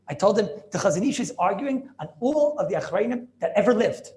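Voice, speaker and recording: Animated rabbi lecturing in a high voice. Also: male voice, fast talker. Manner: animated, repeats phrases, mixes Yiddish and Hebrew terms. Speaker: rabbi giving a Torah class. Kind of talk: informal Talmudic lecture.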